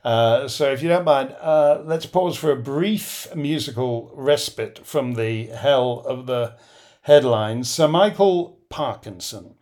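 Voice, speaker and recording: A man's voice: mid-range voice, takes it slowly, a little mellow. Sardonic man, voice starting to go. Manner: rambling, sardonic, with many fillers. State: losing his voice. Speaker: host. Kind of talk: live listener Q&A.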